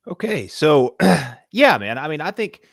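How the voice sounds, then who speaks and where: A man co-hosting a casual live-stream movie debate, rambling and getting loud when heated. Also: on the high side, sing-song, a little slow, no room sound, studio quality.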